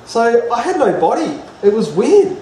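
A man's voice: very high-pitched, huge pitch swings, unhurried, warm tone, a little hiss or hum. Man telling a story in a roomy space. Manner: rambling, with many fillers and restarts. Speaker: interview guest. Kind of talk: casual storytelling. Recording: roomy, distant mic, faint ambience.

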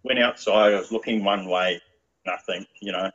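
A man's voice: low-pitched, fairly even intonation, normal speed, a bit bright, highs cut off. A man, chatting casually as a guest with a rambling manner and lots of fillers. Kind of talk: casual chat.

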